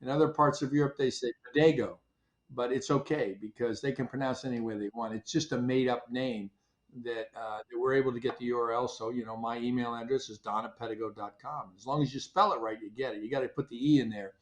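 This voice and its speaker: Older guy founder chatting on a podcast, animated, plays out old conversations as he goes. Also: medium pitch, fast. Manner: animated storyteller, acts out his own past dialogue. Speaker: company founder, interview guest. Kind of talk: casual interview storytelling.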